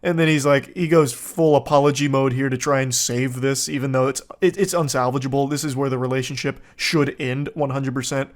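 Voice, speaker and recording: A man in his thirties reading out text messages with dry, deadpan, sardonic commentary. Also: medium pitch, fairly quick, few pauses. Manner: deadpan, sardonic, monotone delivery. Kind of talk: comedic commentary.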